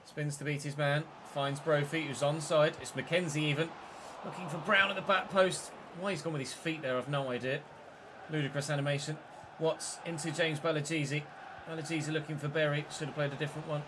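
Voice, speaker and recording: A man's voice: a little high, steady tone, fairly quick, noisy background. A man giving live, mock match commentary while playing a football game, swearing when frustrated.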